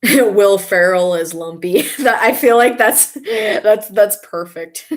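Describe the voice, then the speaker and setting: A woman chatting casually on a live stream, reading viewer comments and reacting with excitable, frequent laughter. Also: fairly low pitch.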